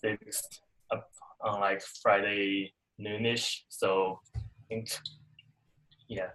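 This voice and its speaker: A man's voice: on the low side, little pitch movement, drawn-out words, sharp tone, rough recording. A man on a video call giving a short, easygoing update in a casual meeting. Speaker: meeting participant. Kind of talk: casual online meeting talk.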